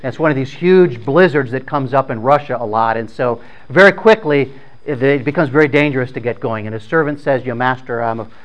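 A man tells a story out loud in an informal, conversational way. His voice sits at an ordinary middle pitch. He often stumbles, repeats words and starts phrases again as he goes. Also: animated, muffled recording. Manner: halting, with frequent repeated words and restarts; conversational, plain-spoken.

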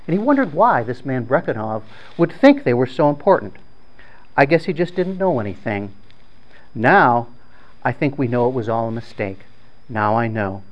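A man's voice: mid-range voice, sing-song, normal speed, pauses often, muffled recording. A man informally retelling a story in plain, conversational words, often repeating and restarting his phrases.

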